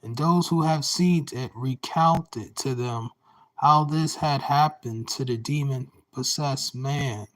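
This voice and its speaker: A man's voice: medium pitch, fairly bright tone, low-quality recording. A man reading scripture aloud, phrase by phrase, now and then correcting himself mid-word. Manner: deliberate phrase-by-phrase reading with occasional self-corrections. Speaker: scripture reader.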